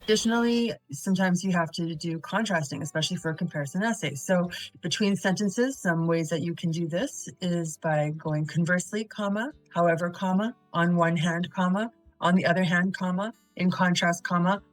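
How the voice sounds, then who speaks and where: A woman's voice: on the low side, a little fast, no echo, soft background music, low-quality recording. Methodical woman teaching essay grammar. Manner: methodical, reads example sentences aloud; quizzes the viewer, then gives answers. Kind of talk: recorded video lesson.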